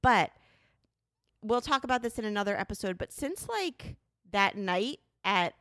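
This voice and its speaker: A woman co-hosting a casual podcast with her partner, talking candidly and profanely, telling stories with animated asides. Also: medium pitch, a little slow, dry recording, clean studio sound. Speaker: podcast co-host. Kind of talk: casual couple podcast chat.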